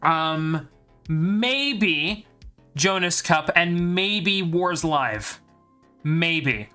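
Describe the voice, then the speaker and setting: A man's voice: on the high side, lively intonation, very slow, pushed and bright, clean tone, faint music behind. A man from Ireland with a light Irish accent, commentating a live game stream and joking with his viewers in a chatty, bragging way.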